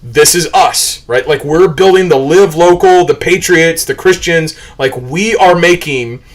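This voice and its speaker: Emphatic preaching man, higher voice. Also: a little slow. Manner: rambling, jumps between topics. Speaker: show host. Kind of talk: livestream commentary and preaching.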